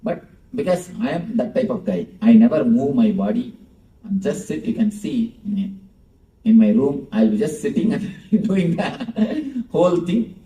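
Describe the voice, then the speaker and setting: Playful spiritual teacher. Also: male voice, medium pitch, big pitch swings, unhurried, dark tone. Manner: playful, chuckling, talks with audience. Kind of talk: live spiritual discourse. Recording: roomy echo, distant mic.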